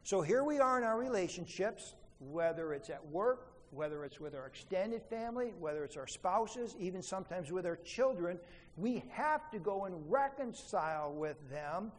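A man's voice: high voice, expressive, moderate pace, a little hiss or hum. Preaching man in a reverberant hall. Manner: emphatic preaching with pleading rises and quiet drops. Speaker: pastor. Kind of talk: sermon. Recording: faint room ambience with long hall reverb.

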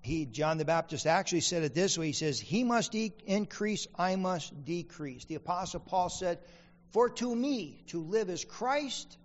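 A man's voice: high-pitched, lively intonation, unhurried, long reverb tail, lo-fi sound. A man preaching a sermon as pastor, asking the congregation questions and repeating key lines for emphasis. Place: church sanctuary.

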